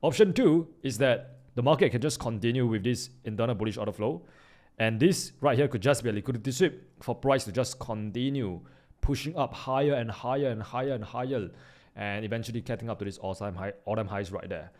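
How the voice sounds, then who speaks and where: Excitable man narrating live trades. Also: medium pitch, fairly quick. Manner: excitable, slangy, bursts into loud hype then drops to mutters. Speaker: trading YouTuber. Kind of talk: live trading commentary.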